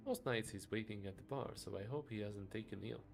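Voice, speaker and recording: A man's voice: fairly low pitch, brisk, gravelly, faint music behind. A man streaming a game, reading its text aloud with chuckling asides and frequent stumbles.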